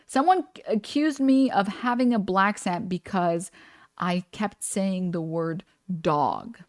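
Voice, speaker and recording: A woman's voice: medium pitch, measured pace, no echo. Woman streamer, blunt and swear-happy. Dry close sound. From New York. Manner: blunt, animated, swears freely. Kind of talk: casual reaction stream chat.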